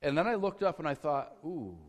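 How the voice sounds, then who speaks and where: Folksy pastor preaching in a reverberant church. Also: male voice, fairly high pitch, fast talker. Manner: conversational, folksy storytelling with humor. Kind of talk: sermon. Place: church sanctuary.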